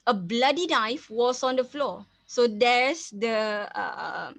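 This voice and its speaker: A woman's voice: on the high side, expressive, slow, gravelly, fairly bright tone, dry recording. A woman with a Malaysian English accent, teaching a reading lesson. She often repeats herself, restarts phrases and slips into Malay. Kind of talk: reading lesson, explaining a story.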